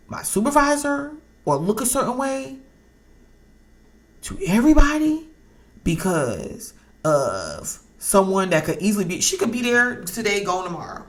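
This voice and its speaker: Animated woman ranting bluntly. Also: medium pitch. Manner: blunt, heated and candid, with frequent swearing; repeats herself for emphasis. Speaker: astrology and tarot reader. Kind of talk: casual direct-to-camera astrology talk.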